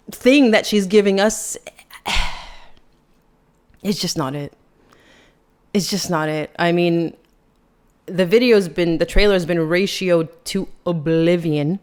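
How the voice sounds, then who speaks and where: A woman's voice: fairly low pitch, slow pace, pauses often. Sarcastic woman podcast host. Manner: sarcastic, critical, chatty. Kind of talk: casual opinion commentary.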